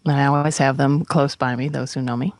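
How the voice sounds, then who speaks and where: A woman shares a personal story during a spiritual talk, speaking casually and checking in with her listeners. Her voice has a gravelly edge, and it is recorded dry, with no room sound. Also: extremely low pitch, steady tone, fairly quick, a little mellow, dry recording. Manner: conversational, often adds "right?" and "you know". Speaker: spiritual teacher. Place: radio broadcast.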